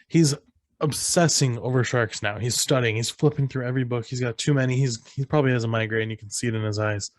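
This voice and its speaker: A man's voice: medium pitch, quick pace, dry recording. A man co-hosting a podcast, casually retelling a film scene by scene and acting out lines in raised voices. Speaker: podcast co-host. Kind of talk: casual movie recap chat.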